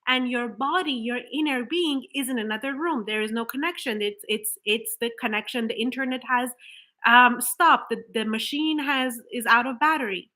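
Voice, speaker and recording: A woman delivers an earnest motivational talk straight to camera. Her voice sits a little high and rings bright. She works through her ideas with rhetorical questions and small restarts. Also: normal speed. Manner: acts out flat, hollow example affirmations. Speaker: manifestation coach.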